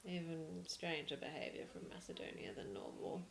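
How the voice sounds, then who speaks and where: A woman co-hosting a podcast, giving chatty, quick, playful watch-along commentary and cheering or booing as results come in. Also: low voice, expressive, vocal fry, crowd noise. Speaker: podcast co-host. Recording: echoey room recording.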